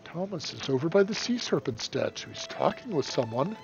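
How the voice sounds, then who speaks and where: A man's voice: a little high, very animated, gravelly, dull audio. A man, one of the game's developers, casually playing through it on a live stream and reading the game's dialogue aloud. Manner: casual, reads character lines in quickly dropped voices. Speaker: game developer playing his own game. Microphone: desk microphone.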